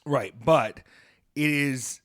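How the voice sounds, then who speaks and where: A man hosting a podcast in casual chat, an animated storyteller who bursts into loud acted-out bits. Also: fairly high pitch, drawn-out words, no echo, clean studio sound. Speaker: podcast host. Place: near Atlanta.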